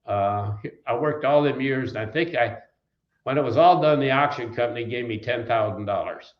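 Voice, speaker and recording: A man's voice: mid-range voice, normal speed, reverberant, lo-fi sound. Older man telling folksy stories. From Wisconsin, USA. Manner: folksy, rambling anecdotes with restarts. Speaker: trucking company founder, guest. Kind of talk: storytelling in an interview.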